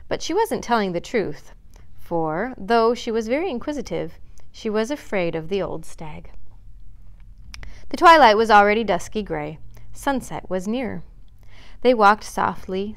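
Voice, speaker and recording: Woman librarian, children's story time reader, expressive, library setting. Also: mid-range voice. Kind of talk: reading a chapter book aloud. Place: public library.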